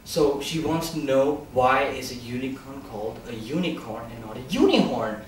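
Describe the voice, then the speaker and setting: A man's voice: mid-range voice, normal speed. A young man from India, telling stand-up stories at an open mic night in a bar, full of "I mean" and "you know". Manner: animated storytelling, frequent "I mean" and "you know". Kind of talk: stand-up comedy routine. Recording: echoey bar room, distant mic, background noise.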